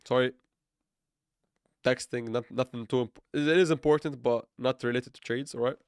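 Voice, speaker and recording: A man's voice: medium pitch, steady tone, normal speed, clean tone, dry recording, clean studio sound. A man livestreaming his crypto trades, rambling and correcting himself, with playful sarcasm and frequent laughs. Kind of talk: live trading stream chat.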